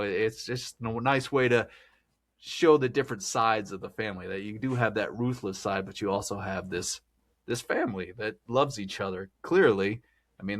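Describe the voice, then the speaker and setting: Chatty man with a lowish voice. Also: a bit bright. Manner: rambling, chatty, laughs often. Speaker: podcast host. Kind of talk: casual film discussion.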